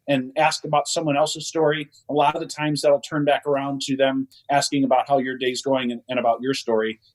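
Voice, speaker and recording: A man's voice: medium pitch, poor audio. A man co-hosting a casual conversation, talking in long rambling sentences with many restarts and fillers. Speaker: co-host.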